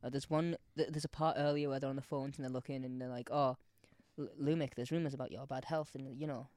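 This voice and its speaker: A man co-hosting a casual podcast, animated, laughing often and doing silly voices for the people he quotes. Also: mid-range voice, fast, no room sound, studio quality. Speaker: podcast co-host. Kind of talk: casual chat.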